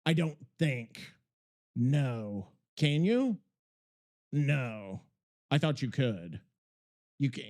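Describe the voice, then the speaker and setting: A man hosting a podcast in casual chat, rambling, excitable and swearing freely. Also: medium pitch. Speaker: podcast host.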